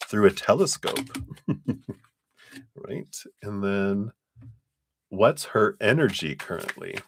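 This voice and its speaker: Very deep-voiced, unhurried male tarot reader. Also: expressive, slight background noise. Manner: chatty, laughs often, speaks in loose, trailing phrases. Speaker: tarot reader on a live stream. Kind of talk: casual live tarot reading.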